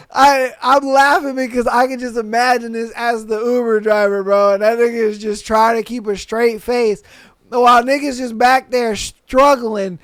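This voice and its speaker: High-voiced man reading and riffing, slangy. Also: moderate pace, clean tone, no room sound. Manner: laughing, slangy, animated. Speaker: podcast host. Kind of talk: casual reading and commentary.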